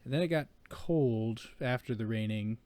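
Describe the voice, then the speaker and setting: A man's voice: medium pitch, moderate pace, warm tone, no room sound. A man co-hosting a podcast in casual chat, joking, laughing often and rambling with fillers. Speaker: podcast co-host.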